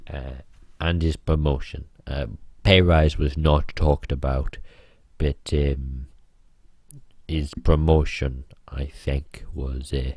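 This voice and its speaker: Very deep slow-talking man, deadpan. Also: husky, no echo. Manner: rambling, deadpan joking with many fillers. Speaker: online video creator ranking channels. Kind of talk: casual tier-list commentary.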